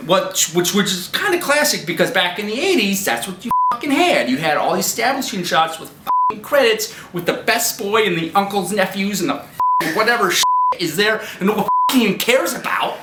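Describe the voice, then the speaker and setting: Profane male movie reviewer, rambling and animated, recorded in a noisy, echoey house. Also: high voice, brisk. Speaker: movie reviewer, show host. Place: a friend's house at night. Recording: roomy home recording with noise.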